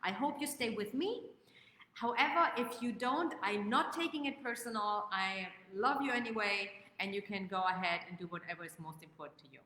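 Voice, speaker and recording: Bright-voiced woman hosting a live coaching stream. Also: mid-range voice, a little hiss or hum. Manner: greets viewers by name, leads slow guided breathing. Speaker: host and life coach. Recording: echoey room with long reverb.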